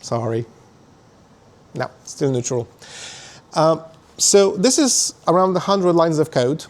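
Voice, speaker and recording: A man's voice: fairly high pitch, animated, slow pace. Man giving a technical meetup talk. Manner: explanatory, with frequent fillers and restarts. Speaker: conference speaker. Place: meetup venue.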